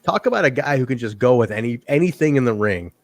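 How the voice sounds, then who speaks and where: A man with a medium-pitched, expressive voice talks at a quick pace, recorded with no echo. He's a podcast host chatting enthusiastically in a casual review of old wrestling shows, restarting his sentences often.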